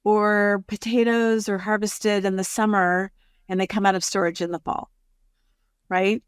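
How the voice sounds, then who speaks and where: A woman in her sixties, a produce company executive, talking through her career in an unhurried, storytelling way as an interview guest. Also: mid-range voice, little pitch movement, smooth, no room sound, studio quality. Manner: measured, storytelling. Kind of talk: casual interview conversation.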